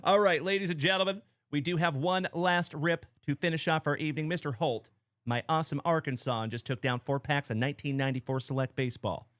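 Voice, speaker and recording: A man in his thirties hosting a card-break livestream, chatting casually, excitedly shouting out viewers by name. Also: fairly high pitch, a little fast, dry recording, studio quality.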